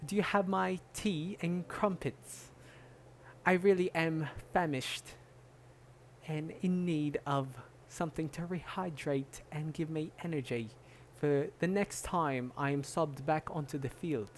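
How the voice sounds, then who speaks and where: A man's voice: fairly high pitch, measured pace, a little hiss or hum. A man voicing a posh, prim male English footballer, with an affected upper-class manner.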